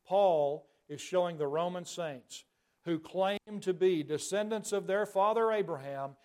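A man's voice: sits high, a little slow, darkish tone. A man preaching a sermon, arguing with rhetorical questions and sudden bursts of emphasis.

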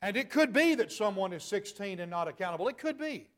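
Middle-aged male preacher, high-pitched, emphatic, pushes to loud peaks. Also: sing-song, quick pace. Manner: emphatic, rhetorical questions, rising to loud peaks. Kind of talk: sermon.

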